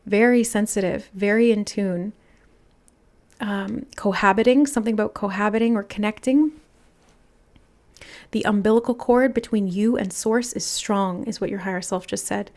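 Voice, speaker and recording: A woman giving an intuitive tarot reading, musing aloud in a soft, channeling manner as she relays messages. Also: medium pitch, fairly even intonation, moderate pace. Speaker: tarot reader.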